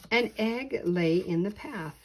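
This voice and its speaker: An older woman, a grandmother, reading a children's picture book aloud slowly and expressively. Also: mid-range voice, a little hiss or hum. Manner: slow, deliberate, expressive reading. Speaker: storyteller.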